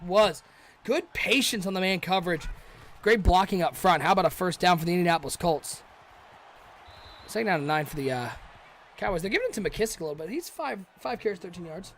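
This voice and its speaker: A man doing chatty, excitable play-by-play commentary for a live stream, joking with viewers in chat. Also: sits high, brisk, slight background noise.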